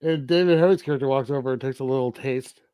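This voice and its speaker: A man's voice: medium pitch, quick pace, warm tone, smooth, no echo. A man co-hosting a podcast, casually recapping a movie plot with lots of fillers and frequent laughs. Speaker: podcast co-host. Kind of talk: casual film review chat.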